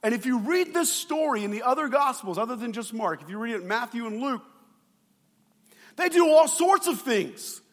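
A male pastor preaching a sermon in a playful, animated way, acting out voices. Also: very high voice, moderate pace, long reverb tail.

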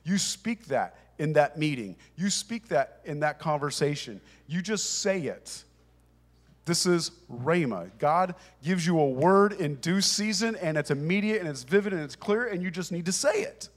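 A man's voice: fairly high pitch, lively intonation, normal speed. A man preaching a sermon to a congregation in a conversational, emphatic way. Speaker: pastor. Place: church with congregation.

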